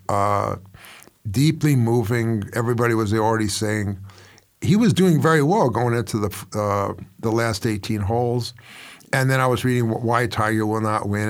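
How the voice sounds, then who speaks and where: An older man in his seventies hosting a commentary show, telling stories in a rambling, wry and self-mocking way. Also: on the low side. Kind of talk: casual storytelling commentary.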